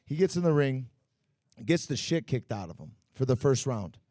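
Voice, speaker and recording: Telling stories for a podcast at a bar and grill, a male Muay Thai fighter is lively and profane, packing his speech with filler words. He talks at normal speed in a mid-range voice, and the recording is dry with clean studio sound.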